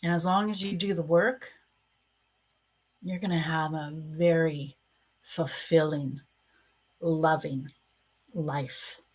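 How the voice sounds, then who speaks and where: A woman's voice: low-pitched, fairly even intonation, slow pace, pauses often, breathy edge. A woman psychic medium giving a live-stream card reading, gushing and emotional as she talks to a viewer. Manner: gushing, emotional, warm-hearted talk.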